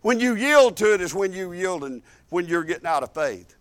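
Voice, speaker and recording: High-voiced preacher, emphatic. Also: male voice, very animated, normal speed. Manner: emphatic, repetitive, storytelling preaching. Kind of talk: sermon. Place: church.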